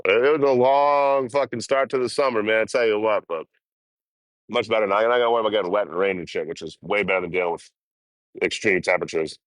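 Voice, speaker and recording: With a lowish voice, fairly even intonation and a quick pace, a young man livestreams from a train outdoors. He chats with viewers casually, swearing and laughing, and the recording is dry.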